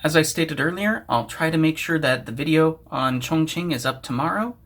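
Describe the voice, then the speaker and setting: A man talks through his vlog in a steady, plain, explanatory way. His voice sits a little high for a man. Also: moderate pace. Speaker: vlogger. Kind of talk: casual vlog narration.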